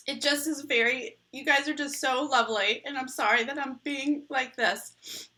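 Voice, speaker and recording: A woman's voice: sits high, steady tone, moderate pace, pushed and bright. A young woman hosting a casual live chat with her viewers, bubbly and rambling, laughing often. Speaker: livestream host.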